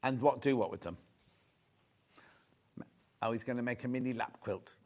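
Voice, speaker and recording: A man's voice: mid-range voice, moderate pace, a little mellow. A middle-aged man hosting a live sewing shopping show, gushing over fabrics and teasing the crew in chatty banter. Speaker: shopping channel host. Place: TV studio.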